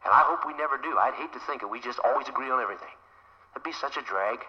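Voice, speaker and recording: Brief: middle-aged male preacher, loud emphatic delivery, dull lo-fi recording. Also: fast. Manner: loud, emphatic preaching with sudden rises in pitch; acts out quoted dialogue between spouses. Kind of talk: sermon. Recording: dull lo-fi recording with long hall reverb.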